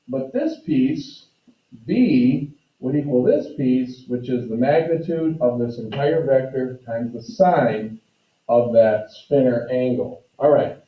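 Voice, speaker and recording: A male math teacher giving a classroom lecture, explaining step by step and talking directly to his students. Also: medium pitch. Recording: roomy, distant, dull classroom audio.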